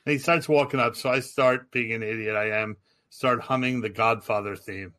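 Man, comedian host, animated storytelling, bright voice. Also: mid-range voice, normal speed. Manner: animated anecdote telling with quoted voices. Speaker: stand-up comedian and podcast host. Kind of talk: casual storytelling chat.

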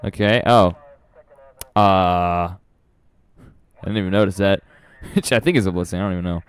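A man's voice: low voice, normal speed, clean tone. A young adult man streaming a horror game, nervous and rambling, with frequent laughs and restarts. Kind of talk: live gameplay commentary.

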